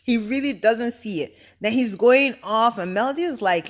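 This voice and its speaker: A young adult woman giving a casual reality TV recap, animated, exasperated and full of slang. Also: fairly high pitch, moderate pace.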